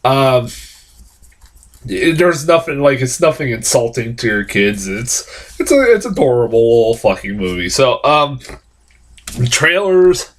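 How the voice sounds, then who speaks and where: Stuffy-nosed dude ranting about movies, swears a ton, lots of likes and ums, gets worked up. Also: male voice, mid-range voice, a little slow, pauses often. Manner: rambling, profane, animated, with frequent fillers. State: stuffed-up nose from a cold. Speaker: film reviewer. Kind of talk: casual spoken film review.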